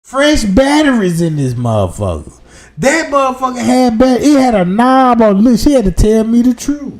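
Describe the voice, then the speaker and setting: A man hosting a livestream, telling a crude comic story in an animated rant that jumps between loud outbursts and low muttered asides. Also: normal speed. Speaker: livestream host. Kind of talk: profane comedic storytelling rant.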